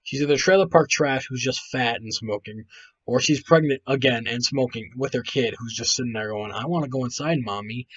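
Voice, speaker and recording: A man's voice: medium pitch, normal speed, a bit bright, dry recording. A man hosting a video, rambling and swearing his way through casual reaction commentary, sounding tired. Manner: profane, rambling, laughs a lot. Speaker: video host reacting to photos. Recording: dull lo-fi, dry.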